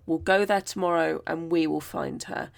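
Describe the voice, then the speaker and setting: A woman's voice: deep voice, steady tone, moderate pace, gravelly. A woman doing a cocky young prince. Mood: determined. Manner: offhand, commanding. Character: Pwyll, a bold young prince.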